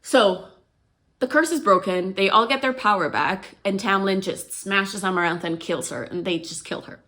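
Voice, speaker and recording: A woman talks through a novel's plot in a loose, conversational way. Her voice is bright and forward, and her speech is full of "like" and "you know". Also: medium pitch, moderate pace. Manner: chatty and animated, heavy use of "like" and "you know". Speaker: book explainer. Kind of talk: casual plot retelling.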